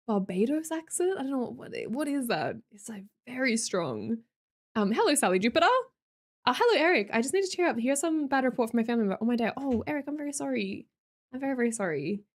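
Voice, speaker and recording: A young woman with an Australian accent chats with her live stream viewers, reading their comments aloud and cracking jokes. Her pitch swings widely as she talks, and her chatty, teasing manner keeps things loose and playful. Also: expressive, a little fast. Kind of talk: casual chat with live viewers.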